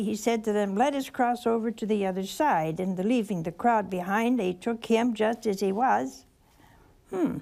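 Slow, reflective woman teaching scripture. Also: a little high, a little mellow. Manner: slow and reflective with wry asides. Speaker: religious teacher.

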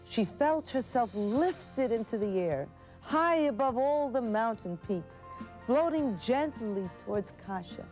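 A woman narrating a devotional documentary in a gentle, reverent way. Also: a little high, expressive, slow pace, soft background music.

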